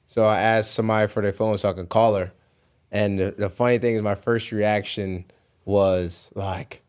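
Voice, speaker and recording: A man's voice: lowish voice, moderate pace, clean tone. A young man, a podcast guest, telling a story in casual chat and acting out the voices in it. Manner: animated, acts out voices in his stories. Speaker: podcast guest, pro basketball player.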